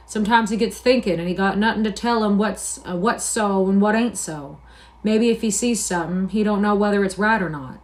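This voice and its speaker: A woman's voice: mid-range voice, lightly acted. A woman voicing a lonely, bitter old stable hand. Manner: drawling, persuasive, slow musing. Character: lonely, bitter older male stable hand, scornful and brooding.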